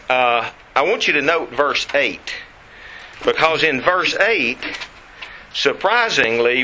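Male preacher, animated intonation, slow deliberate emphasis, reads verses aloud. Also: medium pitch, a little hiss or hum, low-quality recording. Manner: deliberate, stresses key words, reads verses aloud slowly. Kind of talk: sermon with scripture reading.

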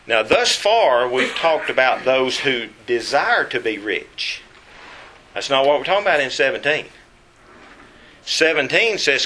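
A man preaching a Bible lesson, emphatic and slowing down to stress key words. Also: medium pitch, expressive, sharp tone.

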